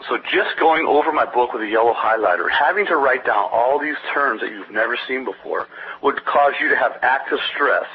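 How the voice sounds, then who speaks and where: On dull lo-fi audio with a faint hiss, a man with a slightly rough, mid-range voice promotes his brain-training program in a phone-style interview. His energetic pitch is salesy and rambling, full of anecdotes with quoted voices.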